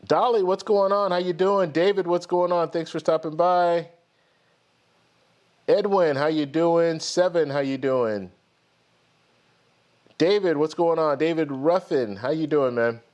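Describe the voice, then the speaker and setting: A man's voice: on the high side, measured pace, pauses often, a little mellow, muffled recording. Chatty man hosting a live stream. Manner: friendly, greets viewers by name one after another; rambling, restarts sentences often. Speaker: host of a live stream credit card show. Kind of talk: casual live stream chat.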